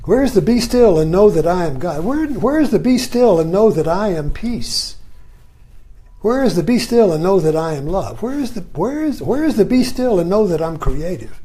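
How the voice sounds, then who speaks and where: A man teaching on stillness in a reflective spiritual talk. His voice is mellow and warm, and its pitch rises and falls freely. He leans on rhetorical questions and lets out soft chuckles. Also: sing-song, moderate pace.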